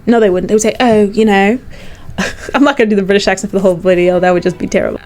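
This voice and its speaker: An American woman at a mid pitch tells a casual storytime tale. She talks in an animated, chatty way, full of "like" fillers. Faint music plays underneath. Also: very fast. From United States. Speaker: vlogger.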